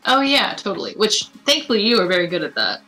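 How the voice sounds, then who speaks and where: A woman in casual chat on a stream, teasing her co-host and laughing often. Her tone is bright and sharp at a middle pitch. Faint music sits underneath. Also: sing-song, fast talker, poor audio.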